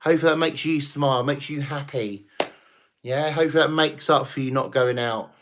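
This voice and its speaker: This is a chatty, slightly tipsy man talking to his viewers on a late-night livestream. His voice sits a bit on the high side for a man. He rambles warmly between topics, with frequent swearing and laughter. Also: steady tone, brisk, a little hiss or hum. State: tipsy from drinking. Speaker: livestream host.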